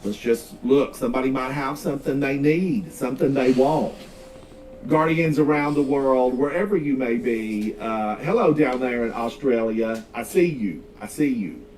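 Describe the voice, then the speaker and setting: A man from the Smoky Mountains of North Carolina chats casually while streaming a game, his Southern accent drawling out words as he rambles through folksy asides. His mid-range voice moves at normal speed and sounds a little mellow. The mic is distant, with faint background noise.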